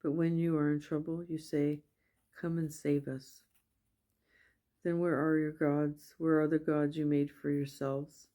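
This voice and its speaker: A woman reading scripture aloud at a steady pace, with small slips and self-corrections. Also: deep voice, unhurried. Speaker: Bible reader.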